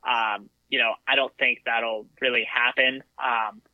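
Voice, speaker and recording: A man's voice: medium pitch, fairly even intonation, measured pace, no echo, narrow, tinny audio. A man co-hosting a sports podcast, casually reading out stats and hedging his opinions. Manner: thoughtful, hedging, reads out stats. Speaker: podcast co-host.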